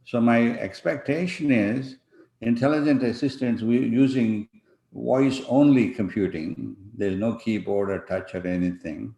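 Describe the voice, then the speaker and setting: A man giving an online conference talk over a video call, pausing often with fillers and restarting his sentences. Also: medium pitch, vocal fry, warm tone. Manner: halting, many fillers and restarts. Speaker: conference panel speaker. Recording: echoey room.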